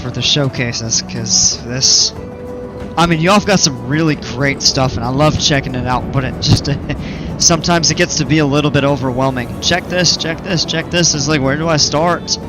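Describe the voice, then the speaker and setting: A man's voice: mid-range voice, normal speed, music in the background. A man casually commenting on a game during a live stream, chatting with viewers in an easygoing, rambling way.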